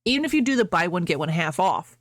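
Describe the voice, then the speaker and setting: A woman's voice: lowish voice, sing-song, fast talker, no echo, clean studio sound. A woman streamer chatting casually with her viewers, rambling, laughing often and breaking off mid-sentence.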